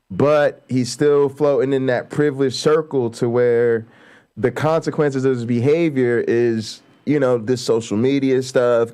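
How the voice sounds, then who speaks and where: A man's voice: medium pitch, a little mellow, clear, resonant tone. Blunt, profane man hosting a livestream. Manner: blunt, profane, heated, builds to emphatic outbursts. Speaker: show host. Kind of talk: casual livestream commentary.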